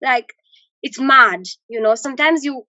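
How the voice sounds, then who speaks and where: Expressive high-voiced student woman. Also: measured pace, no echo, dull audio. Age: young adult. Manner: expressive and dramatic, laughs often, acts out her own thoughts. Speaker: university student guest. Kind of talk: casual interview chat.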